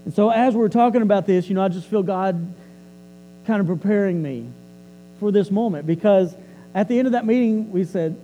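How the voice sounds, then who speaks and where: Male preacher, high and dark-toned, conversational storytelling sermon. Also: moderate pace, in a large hall, highs cut off, a little hiss or hum. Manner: conversational, repeats and restarts words.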